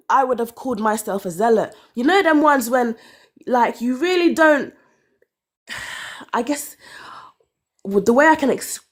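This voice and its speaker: Candid woman in her thirties. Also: a little high. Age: 30s. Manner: candid, animated storytelling with sighs and laughs. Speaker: caller. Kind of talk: casual chat.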